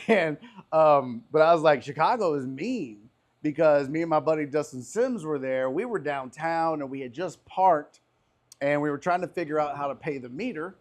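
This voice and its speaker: A man's voice: a little high, normal speed. A man hosting a casual podcast chat, a comedian telling profane, rambling stories on an outdoor patio. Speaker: podcast host and stand-up comedian.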